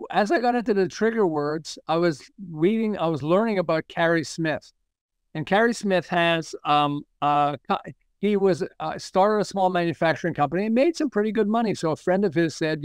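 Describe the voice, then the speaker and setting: A man with a high, clear, smooth voice, speaking as a podcast guest. He tells his stories with energy, acts out the voices of the people in them, and laughs as he goes. The recording is dry, with no room sound. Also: dry recording. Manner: animated storyteller, acts out quoted dialogue, laughs often. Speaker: marketing expert guest. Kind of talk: podcast interview storytelling.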